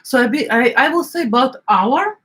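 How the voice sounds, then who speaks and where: A middle-aged woman with an Eastern European accent, chatting casually as she cooks, often searching for words and filling pauses. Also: high-pitched, expressive, fairly bright tone, poor audio. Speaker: home cook. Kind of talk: casual cooking vlog chat.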